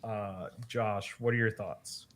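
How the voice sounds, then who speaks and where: A man's voice: fairly low pitch, fairly even intonation, slow, a little hiss or hum. A man hosting a podcast, casually recapping a story chapter and laughing often. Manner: laughs often, loose with fillers. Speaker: podcast host.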